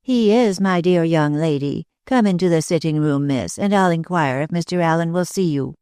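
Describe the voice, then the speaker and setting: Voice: medium pitch, normal speed, a little mellow, clean tone, dry recording, clean studio sound, close to an everyday voice. A narrator voicing a fussy, flustered older housekeeper in an audiobook, in a raised, politely anxious voice. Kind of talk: audiobook character reading.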